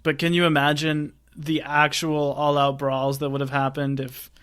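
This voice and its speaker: A man's voice: a little high, completely flat delivery, normal speed, a bit bright, smooth. A man hosting a podcast, running through film facts and figures in casual chat. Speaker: podcast host.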